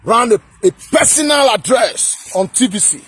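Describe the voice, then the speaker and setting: Nigerian guy ranting hard on his vlog, high voice, really raspy. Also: expressive, moderate pace. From Edo State, Nigeria. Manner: fiery, repetitive, at times shouting. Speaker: political vlogger. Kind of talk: impassioned political rant to camera.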